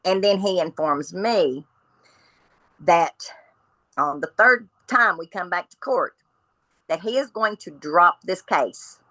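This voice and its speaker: A woman tells her story as a podcast guest, speaking bluntly and acting out each person's lines. Her voice sits low and lands with a forceful edge. The sound is dry and close. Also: slow pace, pauses often, no room sound, low-quality recording. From Kentucky. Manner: blunt, animated retelling of dialogue.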